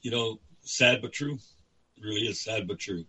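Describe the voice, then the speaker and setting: A man hosts a talk show, feeding his guest leading questions in a sarcastic tone. His voice sits low but carries a bright, sharp edge. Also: normal speed, breathy edge, poor audio.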